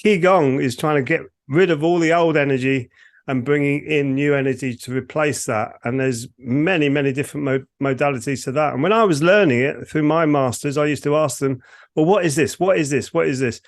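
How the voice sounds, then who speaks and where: A man's voice: a little high, brisk. A man from the United Kingdom, a Ki Gong teacher and podcast co-host, explaining his practice in a rambling, self-correcting way over a remote call.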